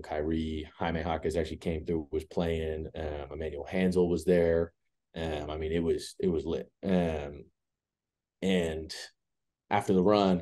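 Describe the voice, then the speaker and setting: A man in his twenties telling a story as an interview guest, relaxed and rambling with many filler words. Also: extremely low pitch. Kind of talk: casual storytelling.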